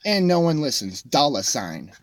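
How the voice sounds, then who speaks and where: A man's voice: medium pitch, sing-song, moderate pace, background noise. A man livestreaming from inside a vehicle, telling a story in a rambling, shaky way, full of restarts and self-corrections. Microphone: dashboard camera.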